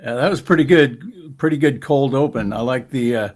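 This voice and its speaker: A laid-back man who hosts a live stream. He speaks at a middle pitch in an easygoing voice and often answers with short agreeing replies. The tone is casual, conversational and unhurried. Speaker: cartoonist and show host.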